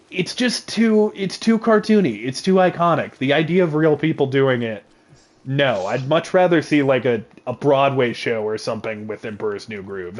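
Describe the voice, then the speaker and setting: A man hosts a casual livestream chat from a home setup, his voice sitting at an ordinary middle pitch. He jokes, rambles and gets excited as he talks into a desk mic. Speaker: streamer.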